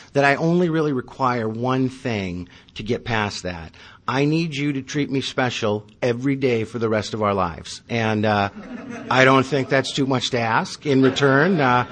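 A man's voice: mid-range voice, lively intonation, moderate pace, pushed and bright. A man in his thirties telling his recovery story at a meeting, wry and self-mocking. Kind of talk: personal testimony with self-deprecating humor.

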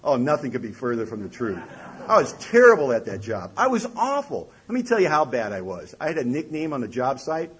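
A middle-aged man telling a self-mocking story to an audience, wry and lively, with a husky voice. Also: medium pitch, fairly quick, low-quality recording. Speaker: recovery speaker.

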